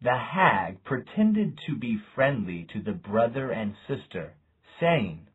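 A man reading a fairy tale aloud as narrator, slow and deliberate. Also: mid-range voice, breathy edge, narrow, tinny audio. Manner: slow, deliberate, lively intonation. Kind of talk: storybook reading.

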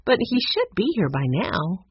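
An eager, cheerful orchestra hostess speaks a bit higher and livelier than the narration, gushing and reassuring, as a storybook reader puts her on. The husky voice swings widely in pitch, and the recording sounds dull and dry. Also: sing-song, measured pace, dry recording, full character voice. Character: cheerful, fussing female orchestra host.

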